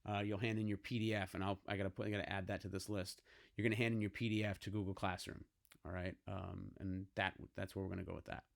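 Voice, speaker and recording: Guy with a lower voice walking his students through a design assignment, laid back, lots of "all right?". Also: little pitch movement, fast talker, creaky. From United States. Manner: casual, coaxing, frequent "okay?" check-ins. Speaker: teacher. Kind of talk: screen-recorded classroom tutorial.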